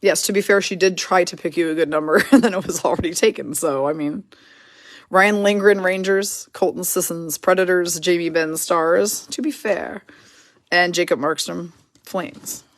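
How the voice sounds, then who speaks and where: A woman hosting a live card break, quickly reading out player names and teams and chatting with viewers in the comments. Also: fairly low pitch, steady tone, no room sound. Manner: brisk, reads names and teams in quick lists, chats with viewers.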